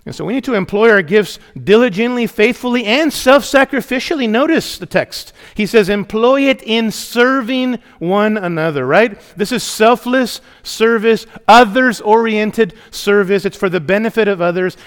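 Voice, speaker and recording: In a church sanctuary, a middle-aged pastor delivers an emphatic sermon, frequently calling out for the congregation's response. He speaks in a high-pitched voice at a moderate pace with few pauses, and long hall reverb fills the recording.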